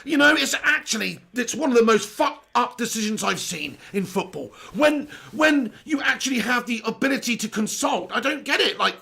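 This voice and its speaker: A high-pitched, bright young man rants through a live football watch-along with his voice strained and sore. His tone is gravelly and husky, and he keeps circling back to the same complaint in exasperation. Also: lively intonation, normal speed, few pauses. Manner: ranting, exasperated, repeats himself.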